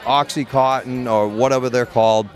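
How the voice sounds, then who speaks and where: A man's voice: medium pitch, fairly even intonation, moderate pace, crowd noise. A middle-aged man from Maine, a medical cannabis caregiver, telling his story in an interview in a blunt, profane, rambling way with many restarts. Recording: loud music under voice. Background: music.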